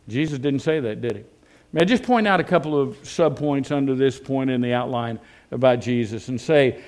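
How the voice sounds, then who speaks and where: A man preaching a sermon in a folksy, animated way, with rhetorical questions and frequent restarts. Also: mid-range voice, normal speed. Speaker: pastor.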